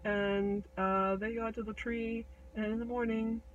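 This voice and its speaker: Woman telling a fairy tale all loose and jokey, swears a lot, kinda high voice. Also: level tone, unhurried, muffled recording, slight background noise. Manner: irreverent, profane, chatty with many fillers. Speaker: storyteller. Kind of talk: casual comedic fairy tale retelling.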